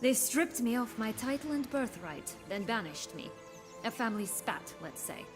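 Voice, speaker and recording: Sly banished princess, dry teasing tone, game music low behind. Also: female voice, big pitch swings, moderate pace, big-room sound. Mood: mocking. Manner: sardonic, teasing. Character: scheming exiled princess, sly and mocking. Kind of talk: video game voice acting.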